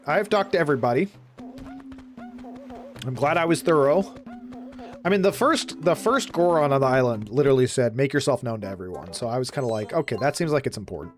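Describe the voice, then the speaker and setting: Jokey man streaming a game. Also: mid-range voice. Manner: jokey, sarcastic asides, reads game dialogue in a mock-serious voice. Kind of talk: casual let's-play commentary reading game text aloud. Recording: faint background game music.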